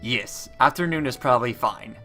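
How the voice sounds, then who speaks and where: A man voicing a rushed male homeroom and science teacher in a visual novel, talking briskly and tripping over a name. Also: mid-range voice, pushed and bright, faint music behind, natural voice.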